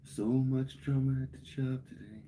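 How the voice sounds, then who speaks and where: A man's voice: medium pitch, fairly even intonation, moderate pace, mellow, slight background noise. A man livestreaming, telling a heated, profane story to his chat in casual speech. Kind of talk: casual rant to live chat.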